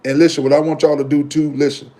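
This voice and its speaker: This vlogger's warm male voice sits on the high side, moving quickly with little change in pitch. He gives his viewers a casual, emphatic monologue in loose slang, repeating his preaching points and answering commenters.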